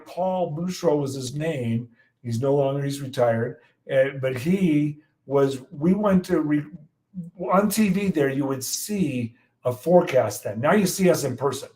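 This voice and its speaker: A man in his sixties from the United States, a guest meteorologist telling animated stories in an interview and acting out the quotes. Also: fairly high pitch, poor audio. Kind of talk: storytelling in an interview.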